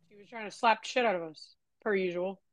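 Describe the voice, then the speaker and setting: A woman's voice: mid-range voice, fast talker. A young adult woman co-hosting a podcast, telling frank, profane stories in casual chat. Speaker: podcast co-host.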